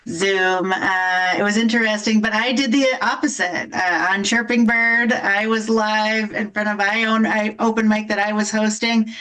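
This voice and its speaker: A woman's voice: mid-range voice, moderate pace, hardly any pauses, rough recording. A woman comedian from the Midwest, chatting casually with lots of fillers before her set. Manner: relaxed, filler-heavy.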